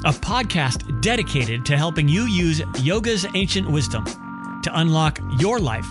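A man's voice: on the high side, big pitch swings, moderate pace. A man hosting a podcast, reading an upbeat scripted show introduction. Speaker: podcast host. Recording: voice over loud guitar music.

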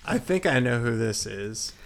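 Male podcast guest, teasing, jokey, mid-pitched voice. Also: lively intonation, moderate pace. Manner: teasing, joking interjections. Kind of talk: casual podcast chat.

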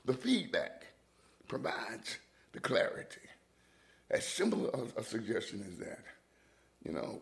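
Deep gravelly guy thinking out loud, voice swings up and down a lot, drops to a whisper sometimes. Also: huge pitch swings, unhurried, pauses often. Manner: musing, dips into whispers, with restarts. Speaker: podcast host. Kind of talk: reflective monologue.

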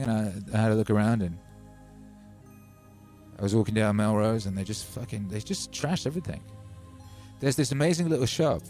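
Streaming from home, a man with a lowish, slightly mellow voice chats casually and tells long, wandering stories with a wry edge. He opens them with hype-style lead-ins.

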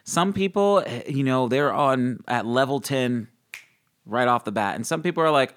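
Excitable young man telling wild stories. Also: normal speed. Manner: excited storyteller who acts out quotes in a high voice and laughs often. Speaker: guest. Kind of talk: animated faith testimony in an interview.

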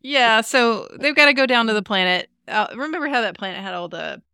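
A woman's voice: a little high, expressive, a little fast, sharp tone, clear, resonant tone, dry recording, studio quality. A young woman co-hosting a podcast, chatting casually and laughing often while recapping a TV episode. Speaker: podcast co-host. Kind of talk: casual chat recapping a TV show.

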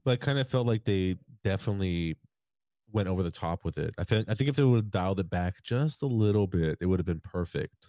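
A man's voice: low-pitched, expressive, fast talker, warm tone, no room sound, studio quality. A man in casual chat, laid-back and opinionated, swearing freely.

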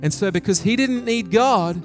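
A man's voice: high-pitched, moderate pace, soft background music. A man preaching a sermon in an earnest, casual way, with fillers and restarts. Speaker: pastor.

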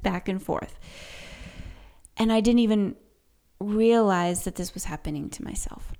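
A woman shares a personal story at an unhurried, deliberate pace, earnest and self-reflective. Her voice sits at a middle pitch and often softens to a near-whisper. She speaks in a gentle, mindful teaching style. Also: creaky.

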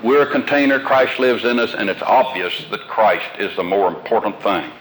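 A man's voice: lowish voice, lively intonation, moderate pace, a bit bright, a little hiss or hum, rough recording. Older man preaching folksy sermon. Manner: folksy, homespun, with plain everyday examples. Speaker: pastor. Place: room with a congregation.

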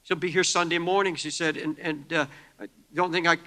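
A man preaching a sermon to a congregation, fervent, moving from quiet talk to shouting. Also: a little high, steady tone, brisk. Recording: long hall reverb.

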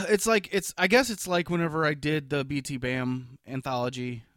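A man's voice: fairly high pitch, fairly even intonation, moderate pace, a bit bright, no room sound, clean studio sound. A man co-hosting a casual podcast about metal albums, rambling and restarting his sentences. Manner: rambling, restarts often, loose and profane. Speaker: podcast co-host.

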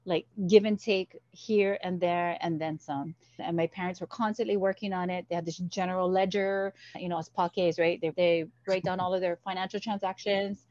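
A woman's voice: on the low side, normal speed, few pauses, dry recording, lo-fi sound. A woman from Hawaii, a guest telling stories in an interview and acting out the voices in them. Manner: animated, acts out the voices in her stories. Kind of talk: storytelling interview.

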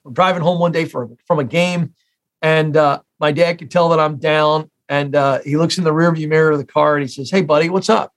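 An American man in his forties, a career expert appearing as an interview guest, tells stories emphatically and repeats key phrases for effect. His voice is a little high, steady in tone, and a little fast.

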